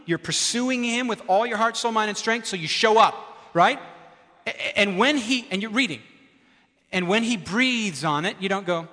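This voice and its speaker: Bright-voiced male pastor preaching. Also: sits high, animated, normal speed, long reverb tail. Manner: conversational, emphatic repetition, asks the audience questions. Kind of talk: sermon.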